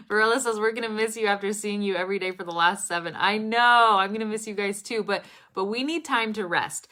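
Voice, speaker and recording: Expressive, clear-spoken woman teacher. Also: mid-range voice, a little fast. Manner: expressive, very clear speech, laughs often. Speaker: English pronunciation teacher. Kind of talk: live stream chat with students.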